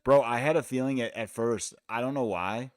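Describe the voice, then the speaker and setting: A man from the States runs a live fight watch-along, talking casually in a loose, rambling style with plenty of cursing. His voice is mid-range at normal speed, recorded cleanly in a studio without any room sound.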